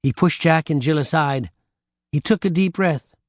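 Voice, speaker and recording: A man narrating an audiobook with lively storytelling on a close studio mic. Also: fairly high pitch, moderate pace, dry recording.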